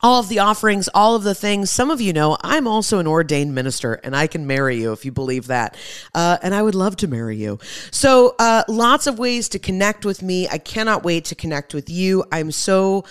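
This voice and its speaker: A woman's voice: medium pitch, lively intonation, brisk, clear, resonant tone. A young woman hosting her own podcast in a casual, emphatic monologue, speaking to her listeners as friends. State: pregnant. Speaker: podcast host.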